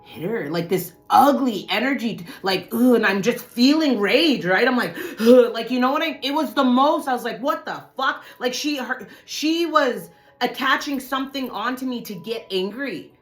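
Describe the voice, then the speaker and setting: A woman telling a personal story to her viewers in casual talk, swearing often and swinging from low muttering to loud outbursts. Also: lively intonation, moderate pace.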